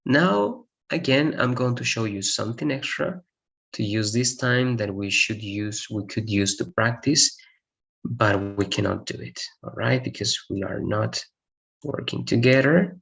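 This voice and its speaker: A man's voice: medium pitch, a little slow, creaky, fairly bright tone. A man teaching an English grammar lesson, explaining patiently, repeating examples and checking in with "all right?". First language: Spanish.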